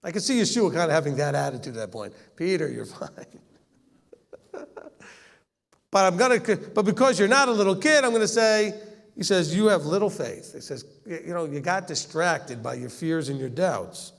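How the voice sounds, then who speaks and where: A man's voice: high voice, animated, brisk, creaky, a bit bright. A man teaching scripture in a conversational way, acting out the quoted lines and often laughing. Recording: long hall reverb.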